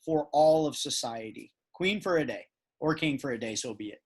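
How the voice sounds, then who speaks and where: A man's voice: mid-range voice, expressive, normal speed, breathy edge. A man hosting a casual podcast chat, rambling and emphatic with many restarts. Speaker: podcast host. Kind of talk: casual conversation.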